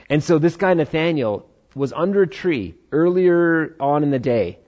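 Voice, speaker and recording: A man's voice: on the high side, expressive, normal speed, few pauses, darkish tone, dull audio. A man preaching a conversational sermon, acting out Bible dialogue in changing voices. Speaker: pastor.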